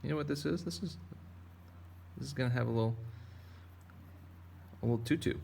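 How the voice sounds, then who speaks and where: A man's voice: mid-range voice, fairly quick, vocal fry, warm tone, slight background noise. A man teaching a drawing lesson for kids, talking in a playful, rambling, jokey way as he draws. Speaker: art teacher.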